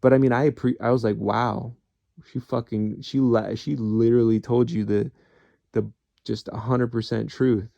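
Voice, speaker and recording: A man's voice: mid-range voice, little pitch movement, moderate pace, creaky, warm tone, no room sound, dull audio. A man talking alone to the camera in a rambling, candid monologue, swearing freely as he goes. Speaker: vlogger.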